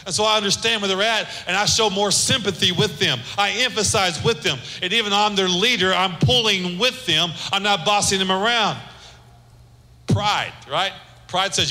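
Bright-toned preacher in an echoing hall. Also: male voice, normal speed. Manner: animated, swings between loud emphasis and soft low asides. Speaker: pastor. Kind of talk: sermon. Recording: echoey hall with long reverb.

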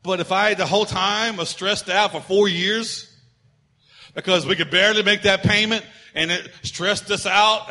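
Middle-aged male preacher with a high, bright voice, folksy and dynamic, from loud punches to soft asides. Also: fairly even intonation, moderate pace, vocal fry. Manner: conversational preaching with humorous personal stories; dynamic, swings between loud emphasis and quiet asides. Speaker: pastor. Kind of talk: sermon.

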